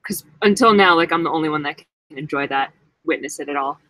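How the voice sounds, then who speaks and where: A woman's voice: sits low, fairly quick, sharp tone, dry recording, poor audio. A young woman from Washington, D.C., co-hosting a casual live stream, chatty and teasing. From Washington, D.C., USA. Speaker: vlog co-host.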